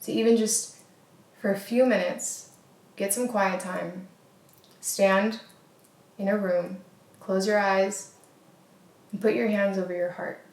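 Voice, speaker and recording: In an echoey room, a woman with a mid-range, darkish voice hosts a casual motivational wellness talk. Earnest and filler-heavy, she keeps circling back to the same phrases.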